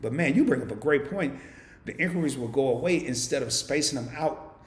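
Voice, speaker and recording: Animated playful man hosting a live stream. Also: brisk, echoey room. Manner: animated and playful, swinging from loud hype to low murmurs. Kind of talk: casual live stream chat, reading viewer comments. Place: home.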